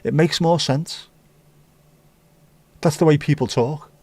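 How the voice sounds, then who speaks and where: A man's voice: on the high side, takes it slowly, darkish tone, husky, dry recording. A British man hosting a casual livestream, reading out viewer comments and chatting about them in an opinionated, mildly profane way. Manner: reads viewer comments aloud and riffs on them. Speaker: livestream host.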